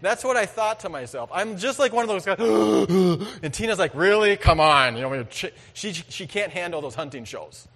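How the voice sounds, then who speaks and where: A man preaching a sermon in an earnest, conversational way, with sudden loud bursts of emphasis. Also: high-pitched, expressive, normal speed, few pauses, in a large hall. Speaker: pastor.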